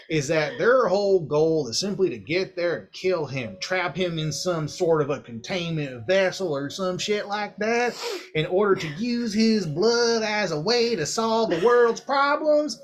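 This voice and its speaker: A man's voice: high-pitched, animated, very slow, long pauses, a bit bright, voice pushed up, full character voice. A man voicing a plain, boastful male dragonborn commoner who rambles and cusses in a rural redneck drawl. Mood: folksy ranting.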